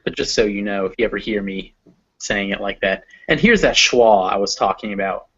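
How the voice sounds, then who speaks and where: A man's voice: on the low side, brisk, fairly bright tone, lo-fi sound. A man with a Southern American accent teaching English pronunciation, patiently modeling vowel sounds for a learner. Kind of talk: explaining phonetics to a learner.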